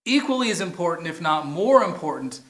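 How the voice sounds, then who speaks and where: Man, pastor, sermon, playful, slightly high voice, echoey room. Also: big pitch swings, a bit bright. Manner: playful, drawn-out emphasis on single words. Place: church, message shown on a big screen outdoors.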